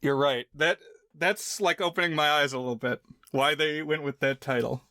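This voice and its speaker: A man's voice: fairly high pitch, moderate pace, bright, forceful tone, no room sound, studio quality. A man co-hosting a film podcast, talking casually and thinking aloud with lots of fillers. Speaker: podcast co-host.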